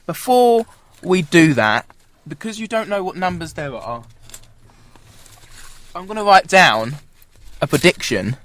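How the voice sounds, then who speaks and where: A man's voice: high voice, sing-song, measured pace, pauses often, a bit bright. A young man hosting a casual radio chat show. He rambles, loses his words and breaks into laughs. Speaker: host.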